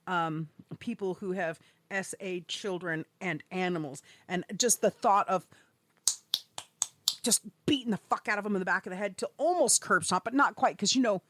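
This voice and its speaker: A woman's voice: medium pitch, no echo. A woman co-hosting a podcast in casual chat, swearing freely and laughing often as she talks. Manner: profane, excitable and laughing. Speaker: podcast co-host.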